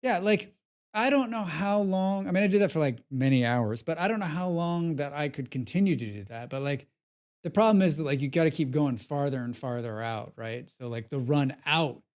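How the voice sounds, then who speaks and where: A man chatting casually on a live game stream, rambling with many fillers, reading chat aloud and growing animated as he recounts his play. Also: a little high, normal speed. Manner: grows animated when recounting gameplay.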